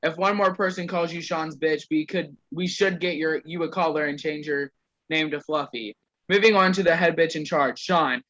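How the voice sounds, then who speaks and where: A man's voice: a little high, steady tone, normal speed, a bit bright, dull audio. A young man casually reading roasts aloud to a group on a call, stumbling over words and laughing.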